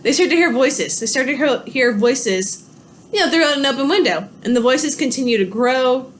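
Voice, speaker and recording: This woman's voice is high-pitched and animated, at normal speed, with slight background noise. She's delivering a recorded online history lecture from her home, where she has pets, narrating conversationally and fixing her own slips as she goes.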